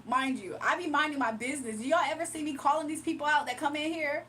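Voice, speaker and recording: A woman, hosting a casual livestream as a tarot reader, animated and laughing often as she talks back to her chat. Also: high voice, quick pace, few pauses, slight background noise.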